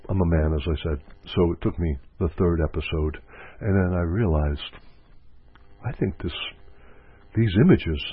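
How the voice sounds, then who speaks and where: A man's voice: low-pitched, breathy edge, no room sound. A man giving a reflective spiritual teaching talk as a counselor, repeating phrases for emphasis. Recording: dry, phone-like narrow sound.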